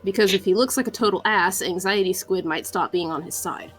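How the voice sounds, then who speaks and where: A woman talking casually about her character with her tabletop group. She laughs as she speaks and makes quick asides. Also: medium pitch, faint music behind. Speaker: tabletop game player. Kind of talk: casual chat during a game break.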